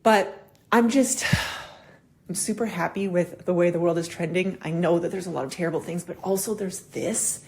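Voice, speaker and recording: A woman in her thirties hosting a casual solo podcast, animated and swearing freely as she acts out quoted conversations. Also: lowish voice, a little fast, gravelly, hardly any pauses. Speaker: podcast host.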